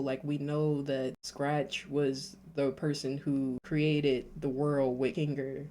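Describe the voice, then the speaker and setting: A woman's voice: low voice, warm tone, slight background noise. A woman hosting a reaction video, chatting casually and rambling, with frequent nervous laughs and false starts. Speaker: YouTube reaction host.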